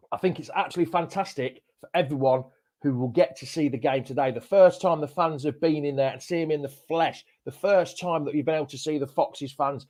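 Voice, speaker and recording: A chatty man hosts a live fan chat show, full of matey banter. His voice sits a little high for a man, and he rattles along cheerfully. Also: a little mellow. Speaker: host.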